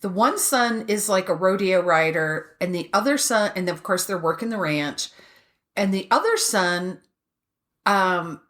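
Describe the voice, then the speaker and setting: A woman co-hosting a podcast in casual chat, retelling a show with halting restarts. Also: mid-range voice, animated, fairly bright tone. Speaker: podcast co-host.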